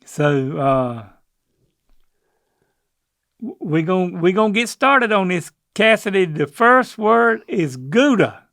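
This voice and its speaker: A man's voice: high voice, very animated, slow pace, long pauses, a bit bright, no echo, clean studio sound. An older man, co-hosting a casual chat and stumbling hesitantly over unfamiliar words. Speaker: podcast co-host, the father.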